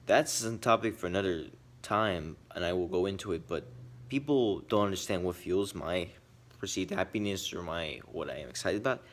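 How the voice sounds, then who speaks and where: Earnest man with a low voice. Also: moderate pace. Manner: earnest, swings between bursts and quiet asides. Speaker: video essayist. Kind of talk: animated personal commentary.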